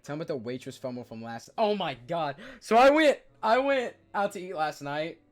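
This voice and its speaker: Excitable young man telling stories. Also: on the high side, brisk. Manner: excitable, stammering, acts out quotes loudly. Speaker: streamer. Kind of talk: casual storytelling chat.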